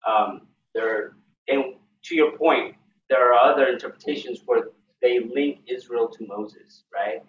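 A man leading a Bible study, who talks haltingly and keeps checking in with his listeners. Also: medium pitch, slight background noise. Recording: echoey, dull, distant room recording.

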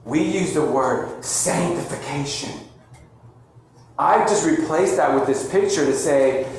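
Pastor preaching in an echoey hall. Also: male voice, a little high, unhurried, slight background noise. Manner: casual storytelling with slang and restarts. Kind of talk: sermon. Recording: roomy echo heard from a distance.

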